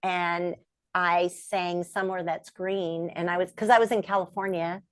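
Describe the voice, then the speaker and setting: A woman's voice: moderate pace, no room sound. A middle-aged woman, a puppeteer and voice actress, telling stories as an interview guest and acting out the voices of the people she quotes. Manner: animated, acts out quoted voices with big pitch jumps. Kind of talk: storytelling in a podcast interview.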